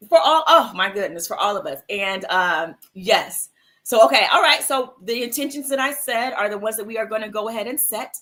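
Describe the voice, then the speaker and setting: A woman with a slightly high, fairly bright voice talks animatedly and a little fast while hosting a livestream mindfulness show. She chats casually with viewers, affectionate and encouraging, calling them "my love" and "sis."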